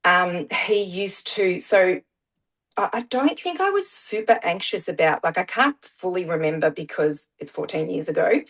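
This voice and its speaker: Aussie mum chatting in an interview, lowish voice, lots of ums, middle-aged. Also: female voice, expressive, moderate pace, low-quality recording. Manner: chatty, many "um" fillers. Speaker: guest, parent. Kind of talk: casual interview storytelling.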